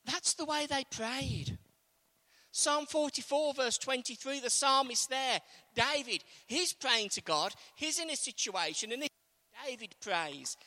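A man's voice: very high voice, lively intonation, unhurried, sharp tone. A man preaching a sermon in a conversational way, asking the congregation questions. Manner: conversational, asks the congregation questions, acts out quotes.

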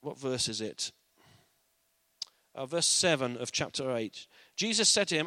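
Earnest man with a bright voice. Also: medium pitch, sing-song, measured pace, no echo. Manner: earnest and conversational. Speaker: Bible teacher. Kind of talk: informal Bible teaching.

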